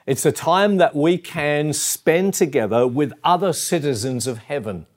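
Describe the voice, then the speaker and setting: A man's voice: on the high side, measured pace. A middle-aged Australian man preaching a sermon, earnest and personal, with fillers and repeated phrases. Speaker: pastor.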